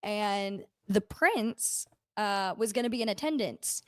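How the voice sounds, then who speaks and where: A young adult woman, an esports caster and event host, telling stories in casual podcast chat, full of fillers and quick asides. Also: mid-range voice, lively intonation, no echo, studio quality. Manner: chatty storytelling with many fillers.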